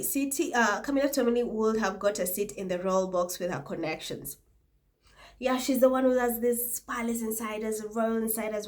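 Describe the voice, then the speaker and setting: A young adult woman hosting a casual vlog, reading viewer comments aloud with frequent laughter and mocking asides, and she has a cold. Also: on the high side.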